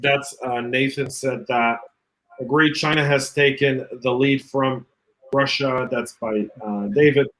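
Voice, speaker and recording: A man co-hosting a casual online show, reading out viewer comments and giving quick, opinionated takes with a joking edge. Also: mid-range voice, fairly even intonation, a bit bright, low-quality recording. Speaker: podcast co-host.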